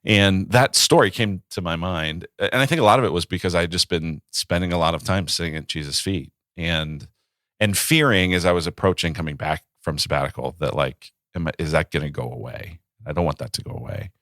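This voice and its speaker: A man in his thirties, a pastor, talking in a relaxed podcast conversation and telling stories with acted-out quotes. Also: low-pitched, fairly quick, no room sound, studio quality. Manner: reflective, storytelling with acted quotes.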